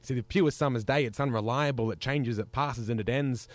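A man's voice: medium pitch, a little fast, no echo. A man in a radio studio doing a wry, theatrical spoken word piece. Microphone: studio microphone.

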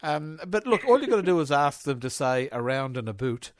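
A man hosting a radio interview. He is jovial and teasing and keeps the chat moving with lively questions. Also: a little high, fairly quick, no room sound, studio quality. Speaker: radio host.

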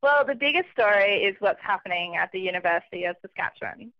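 A woman, calling in as a travelling correspondent for a casual radio chat. She is chatty and relaxed, laughs often and pokes fun at herself. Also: medium pitch, fast, no room sound. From Australia. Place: calling in from far away. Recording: dull lo-fi phone line.

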